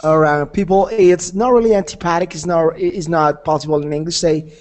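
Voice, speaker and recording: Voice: mid-range voice, steady tone, brisk, a little mellow. An English teacher with a Colombian accent, leading a conversation class, prompting and correcting a student in an encouraging way. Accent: Colombian Spanish.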